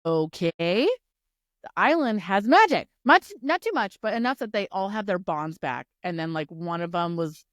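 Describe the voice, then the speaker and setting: A woman co-hosting a casual book podcast, retelling the plot in an animated way, acting out the characters and swearing freely. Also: fairly low pitch, moderate pace, no room sound, clean studio sound. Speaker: podcast co-host. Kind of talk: casual book recap chat.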